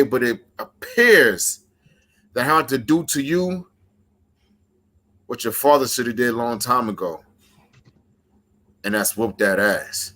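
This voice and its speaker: A man's voice: medium pitch, a bit bright. Intense male wrestler cutting a promo. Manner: intense, emphatic, trash-talking.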